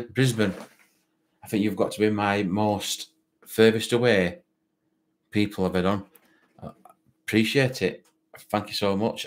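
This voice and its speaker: Deep-voiced broad Yorkshire man. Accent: broad Barnsley Yorkshire. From Barnsley, Yorkshire. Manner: rambling, repeats words, many fillers. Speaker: fan channel live stream host. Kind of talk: casual live stream chat reading comments.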